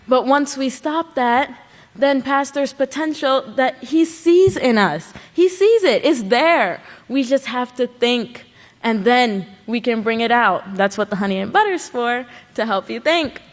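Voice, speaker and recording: Woman, sermon, earnest rhetorical questions, slightly high voice, echoing worship hall. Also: expressive, measured pace. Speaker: speaker at a religious service. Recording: long hall reverb.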